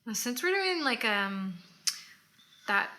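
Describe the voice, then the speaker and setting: A woman's voice: on the high side, very animated, slow pace, bright, forceful tone. A woman co-hosting a casual makeup tutorial, playful and giving tips as she goes. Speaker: co-host of a makeup channel.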